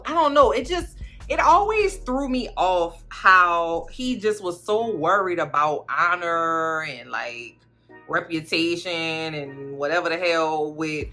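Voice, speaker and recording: A woman chatting through a TV recap in a slangy, rambling, animated way. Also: fairly low pitch. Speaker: recap vlogger. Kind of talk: casual TV recap chat.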